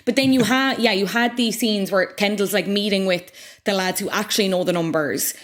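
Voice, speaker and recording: A woman, co-hosting a podcast and recapping a show in an animated, jokey way. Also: medium pitch, fairly quick. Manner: animated, jokey, self-deprecating. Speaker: podcast co-host. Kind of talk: casual recap chat.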